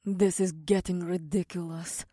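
A man voicing a wary, impatient young warrior woman in a hushed, softer raised voice. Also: high voice, fairly even intonation, unhurried, no echo, clean studio sound, voice pushed up. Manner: hushed and worried.

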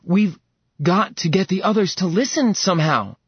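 A fierce young woman, desperate to protect someone she loves, speaks high and urgent, as a male narrator lifts his voice for her. Her pleas come out breathy and husky on a dull, slightly lo-fi audiobook recording. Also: expressive, moderate pace, dry recording. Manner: urgent, pleading.

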